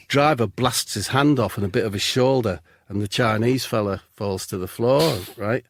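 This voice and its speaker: A man telling an absurd comic story in a deadpan, rambling way as a podcast co-host. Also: on the low side, moderate pace, no echo, clean studio sound. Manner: deadpan rambling tall tale.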